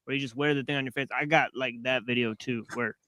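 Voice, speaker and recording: A man's voice: mid-range voice, steady tone, fast, bright, forceful tone, clean tone, no room sound. Casual man explaining loosely. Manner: loose, filler-heavy explaining. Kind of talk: casual chat.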